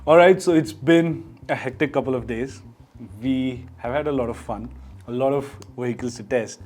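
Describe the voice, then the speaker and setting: A man's voice: mid-range voice, normal speed, over music. A man presenting a discussion, upbeat and chatty, asking questions of the panel. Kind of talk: casual discussion.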